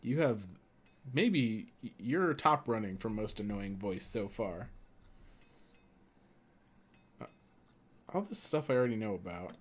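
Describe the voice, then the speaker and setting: A man's voice: lowish voice, animated, moderate pace. Chatty male game streamer. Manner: chatty, rambling, laughs often. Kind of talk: casual gaming stream commentary.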